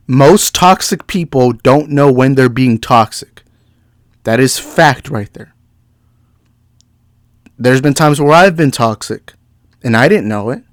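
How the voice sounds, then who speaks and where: A man's voice: fairly high pitch, no echo. A young man hosting a movie podcast, delivering a fired-up, exasperated rant. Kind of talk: heated rant.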